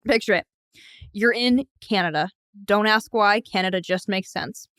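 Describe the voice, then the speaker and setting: A woman's voice: mid-range voice, moderate pace, fairly bright tone, clean tone, dry recording, clean studio sound. A young adult woman co-hosting a casual podcast chat, rambling through a made-up story with lots of "like" and restarts. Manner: rambling storytelling, heavy use of "like". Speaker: co-host.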